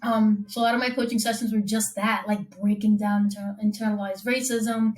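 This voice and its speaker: A woman guest talking casually as a copy coach, quick and rambling, acting out what people said to her in lively voices. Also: medium pitch. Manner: animated, acts out quoted dialogue with voices; fast, rambling with restarts. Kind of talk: casual conversation.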